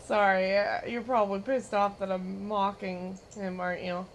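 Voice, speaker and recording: Giggly woman gamer chatting on stream, slow drawn-out talk, bit of hiss behind. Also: medium pitch. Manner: giggly, teasing, mimics others in loud bursts. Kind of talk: casual chat while streaming a game.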